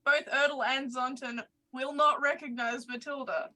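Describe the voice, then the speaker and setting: Bright-voiced woman playing a tabletop game. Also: high-pitched, steady tone, unhurried. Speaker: player.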